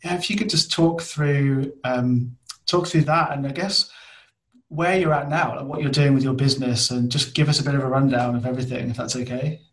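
A man interviewing a guest, asking his questions gently and hesitantly. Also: mid-range voice, steady tone, fairly quick, poor audio.

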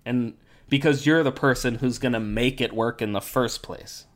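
A man hosting a casual podcast chat, explaining things in a relaxed way with many fillers while his voice is going hoarse. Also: medium pitch, moderate pace. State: losing his voice. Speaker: podcast host.

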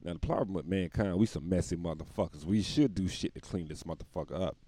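A man's voice: low voice, quick pace, warm tone, dry recording. A man delivering a rambling, profane comic monologue, often laughing at his own jokes.

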